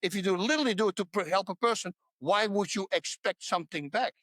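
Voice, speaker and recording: A man's voice: high-pitched, quick pace, pushed and bright, dry recording. A man talking as a podcast guest in a casual interview about faith, pressing his points home with repetition. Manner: emphatic, repeats points to hammer them home.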